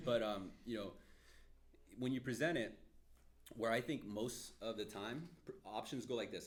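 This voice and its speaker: A man with a fairly low voice coaches a sales team in loose, energetic talk. He is blunt and swears freely as he explains his methods. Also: moderate pace, slight background noise. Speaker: sales trainer.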